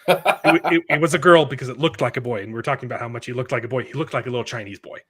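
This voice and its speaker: A man's voice: mid-range voice, very fast, heavy background noise. A man chatting as a guest on a live stream, rambling through anecdotes and repeating words. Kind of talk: casual live-stream chat.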